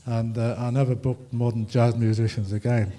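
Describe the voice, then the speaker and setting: Against a noisy background, an older man who plays ragtime speaks to a festival audience in a level, mid-range voice at a moderate pace. He tells rambling, humorous anecdotes with many fillers.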